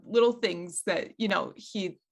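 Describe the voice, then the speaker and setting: A woman's voice: medium pitch, measured pace. A woman who works as a respiratory therapist, chatting casually in an easygoing, joking way. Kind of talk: casual chat.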